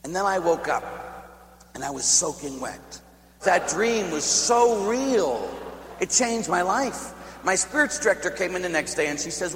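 A man's voice: a little high, animated, normal speed. Dramatic preaching man in an echoing hall. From Pittsburgh, USA. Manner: dramatic, swings from shouting to hushed; tags lines with "huh?". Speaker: priest. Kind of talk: storytelling sermon. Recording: echoey hall with faint hum.

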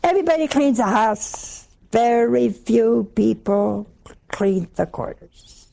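A woman giving a sermon, telling homely stories with humor and slow, drawn-out emphasis. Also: fairly high pitch, vocal fry, mellow. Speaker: religious speaker.

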